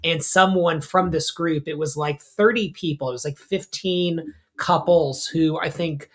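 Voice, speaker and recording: A middle-aged rabbi co-hosting a podcast tells stories in casual conversation, animated and full of fillers and asides. His voice sits fairly high, and he takes his time.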